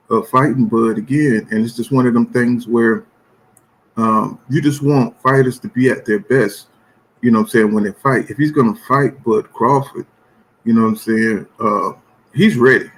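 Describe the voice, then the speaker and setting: A man's voice: mid-range voice, normal speed. A man hosting a boxing channel, talking in a loose, rambling live-stream style with constant "you know what I'm saying" filler and blunt, profane opinions. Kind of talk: casual live-stream commentary.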